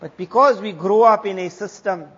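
A man's voice: high voice, normal speed, a bit bright, breathy edge. A man giving an Islamic sermon, asking rhetorical questions and answering them himself. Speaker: Islamic teacher. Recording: reverberant lo-fi hall recording.

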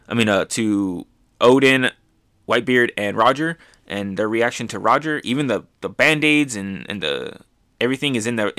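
A man's voice: medium pitch, no echo, clean studio sound. A man hosting a manga review show, recapping chapters in casual commentary and acting out the characters as he goes. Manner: excitedly retells scenes, often acting out characters.

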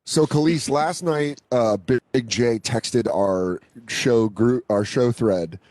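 A man's voice: mid-range voice, slow, darkish tone. A man co-hosting a casual comedic podcast, laid-back and agreeable, swearing casually. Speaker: podcast co-host.

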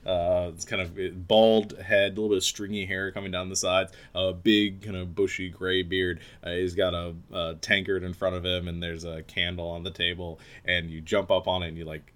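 A man narrating a tabletop game as game master, relaxed and hesitant, with lots of fillers. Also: low voice, moderate pace, few pauses.

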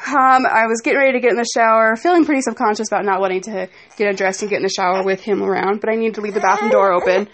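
A woman's voice: medium pitch, racing, few pauses. A young woman venting in a rambling personal vlog about a fight at home, speaking with frustration. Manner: frustrated rambling storytelling with asides to her kids. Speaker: vlogger.

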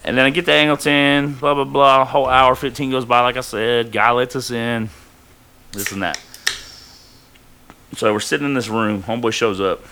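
A man's voice: medium pitch, steady tone, a little fast, pushed and bright. A man casually telling a rambling, profane story from his own life on a podcast, full of fillers.

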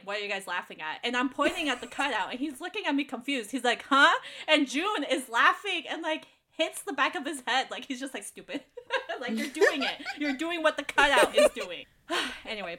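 Young woman, casual storyteller, bright and animated, laughs easily. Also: sits high, brisk. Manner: giggly, animated, lots of fillers.

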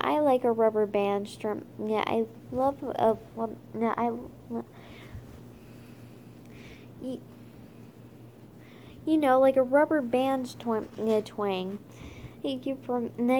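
Slow, halting woman reading a storybook. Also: a little high, a little mellow, a little hiss or hum. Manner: halting, with frequent fillers and restarts. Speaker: reader. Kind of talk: reading a children's chapter book aloud.

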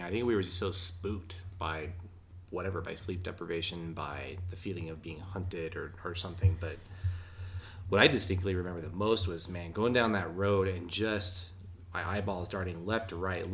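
Deep-voiced man, halting and reflective. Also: a bit bright, slight background noise. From Wyoming mountains. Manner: halting, repeats words, reflective. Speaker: paranormal investigator recounting a story. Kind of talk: casual storytelling.

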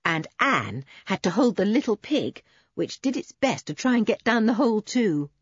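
A woman reading a children's adventure story aloud with expressive narration. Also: mid-range voice, normal speed, breathy edge, no echo, dull audio.

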